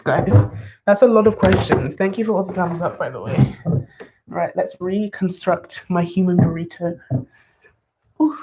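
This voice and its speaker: Excitable young woman thinking aloud. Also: lowish voice, a little hiss or hum. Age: young adult. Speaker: study vlogger. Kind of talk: live study stream. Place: bedroom desk, wrapped in blankets.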